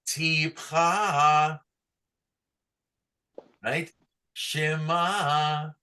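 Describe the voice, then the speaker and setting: Bright-voiced male cantor teaching chant. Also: a little high, steady tone. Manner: patient, coaxing questions, sings phrases slowly. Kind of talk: online class, chanting examples.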